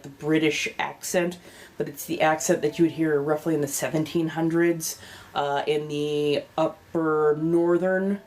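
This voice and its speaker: A woman's voice: sits low, a little hiss or hum. A woman with a Californian accent chatting casually on a livestream, rambling from one thought to the next and welcoming viewers as they come in. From California, United States. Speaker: livestream host.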